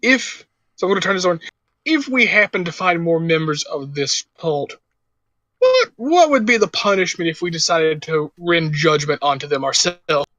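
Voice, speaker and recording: Bright, high-voiced giggly man. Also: animated, moderate pace, dry recording, highs cut off. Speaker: player. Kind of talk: casual chat at a game table.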